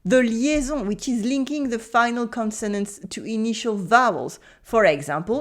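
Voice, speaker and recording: French woman demonstrating pronunciation slowly. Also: a little high. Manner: clear, deliberate, repeating model words slowly. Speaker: French teacher. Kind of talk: online language lesson.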